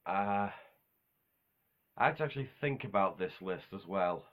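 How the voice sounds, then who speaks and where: A man's voice: low voice, animated, moderate pace, dull audio. A man talking in a casual, unscripted monologue, rambling offhand with self-corrections and casual swearing. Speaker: video host ranking game villains.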